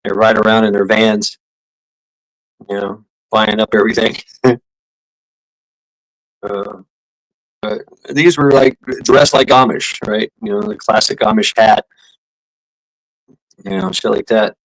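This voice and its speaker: A man's voice: fairly low pitch, fairly even intonation, takes it slowly, pauses often, low-quality recording. A man streaming, telling a story in a casual, rambling way, swearing often, laughing and restarting his sentences. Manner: profane, laughing, full of fillers and restarts. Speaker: live streamer.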